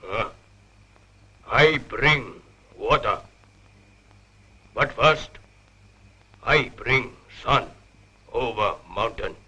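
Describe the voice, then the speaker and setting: A man playing a solemn old tribal chief who speaks broken English slowly and gravely, with music behind. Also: mid-range voice, pushed and bright, exaggerated voice. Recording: old 1960s TV soundtrack with music.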